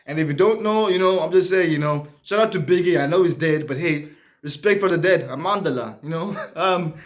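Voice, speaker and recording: A man's voice: on the high side, brisk. A man telling a rambling comic story, full of fillers and laughing at his own jokes. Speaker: comedian.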